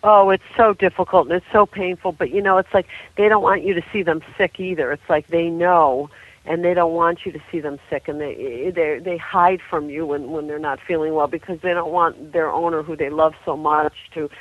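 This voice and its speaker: A woman's voice: deep voice, steady tone, normal speed. A woman talking earnestly and emotionally as a guest on a radio interview, rambling and heartfelt. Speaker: phone-in guest, author and animal rescuer. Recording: tinny phone line.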